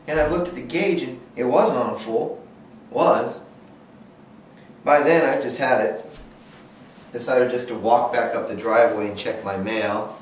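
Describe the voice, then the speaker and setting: A man's voice: mid-range voice, measured pace, long pauses, a little hiss or hum. Exasperated man telling a comic story. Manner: exasperated, deadpan sarcasm. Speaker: vlogger. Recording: echoey room, distant mic, faint ambience.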